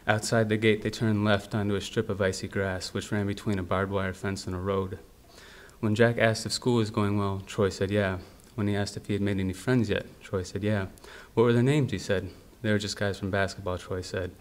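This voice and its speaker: Measured low-voiced man reading prose. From United States. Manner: steady, measured reading with quiet dialogue. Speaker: author reading his fiction. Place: university library event.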